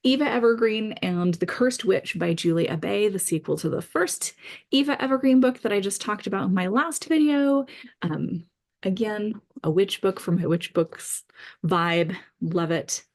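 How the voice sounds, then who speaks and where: A middle-aged woman author runs through her reading pile in a casual book-list vlog. Her medium-pitched voice moves at a moderate pace, enthusiastic and peppered with fillers.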